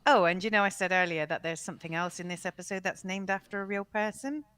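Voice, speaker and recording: A woman co-hosts a casual show, her voice sitting on the low side. She chats easily and laughs often. The recording is dry and close. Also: fairly bright tone, smooth, no room sound. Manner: chatty, quick to laugh. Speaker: co-host. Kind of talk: casual podcast chat.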